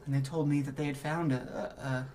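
A man's voice: on the high side, flat delivery, quick pace, a little mellow, slight background noise, lightly acted. A man voicing a middle-aged mother grieving her husband, stammering and breathless through tears. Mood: anxious grief.

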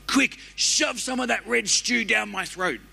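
A man's voice: high voice, unhurried, vocal fry, sharp tone, slightly rough, voice pushed up, exaggerated voice. A man playing a frantic starving hunter. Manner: pleading, gabbling, stammering.

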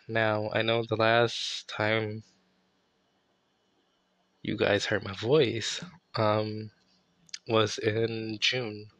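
Raspy, tired-sounding man, slow and laid-back. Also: fairly low pitch, a bit bright, no room sound. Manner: laid-back, rambling, self-correcting. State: tired, not feeling well. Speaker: podcast host. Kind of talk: casual solo podcast monologue.

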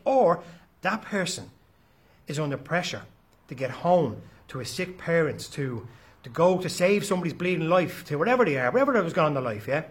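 Blunt, animated man talking mindfulness. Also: on the high side, fairly quick. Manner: animated, acts out his own road rage with raised voice; blunt, swears freely. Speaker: mindfulness talk host. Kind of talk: casual spoken monologue.

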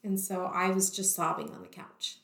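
A woman's voice: lowish voice, level tone, normal speed, fairly bright tone. A woman telling her own story in conversation, candidly, with many "like" fillers. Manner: candid, heavy use of "like" fillers. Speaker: guest sharing her story. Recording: echoey room.

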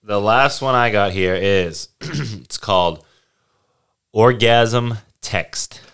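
A man's voice: takes it slowly, a bit bright, smooth. A young man hosting a casual podcast, reading out party-game cards and laughing often. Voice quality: laughs often, breaking into high-pitched laughter. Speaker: podcast host.

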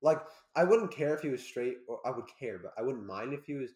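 Fast-talking young man in echoey room. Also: medium pitch, animated. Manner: rambling, loud laughing bursts. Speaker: podcast host. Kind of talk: casual podcast chat.

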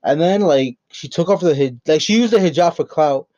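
A man's voice: fairly high pitch, moderate pace, a little mellow. Loose, swearing man on lo-fi mic. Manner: rambling, profane and joking. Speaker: podcast host. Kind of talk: unscripted solo podcast chat. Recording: dull lo-fi recording.

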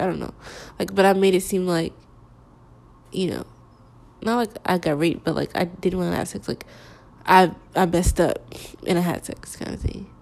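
Young woman telling a personal story, kinda gravelly fry, hesitant, says like a lot. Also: lowish voice, a little mellow. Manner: halting, hesitant, full of "like" fillers.

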